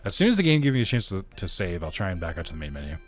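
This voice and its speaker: A man's voice: sits low, sing-song, racing, soft background music. A young man hosting a casual let's-play, tossing off sarcastic, profane asides. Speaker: gaming video host.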